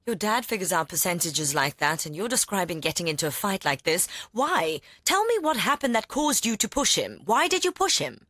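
A woman playing a teasing, caring middle-aged aunt in a dubbed TV drama, with a wry, gently mocking manner. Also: fairly low pitch, big pitch swings, normal speed, hardly any pauses, dry recording.

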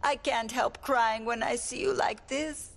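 An actress voicing an emotional elderly grandmother who speaks slowly and sighs in a dubbed drama. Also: a little high, fairly even intonation, vocal fry. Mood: weary. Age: older. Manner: slow, tearful, sighing.

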